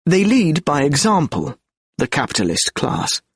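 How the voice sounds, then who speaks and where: A man's voice: fairly high pitch, big pitch swings, a little slow, breathy edge, no room sound, clean studio sound. A man reading an audiobook of lecture transcripts in a reflective, argumentative lecture tone. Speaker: audiobook narrator.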